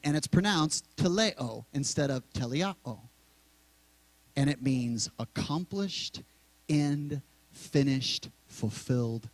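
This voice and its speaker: A middle-aged male pastor preaching in a church sanctuary, talking conversationally and slowly repeating key words. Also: fairly high pitch, dry recording, rough recording. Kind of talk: sermon.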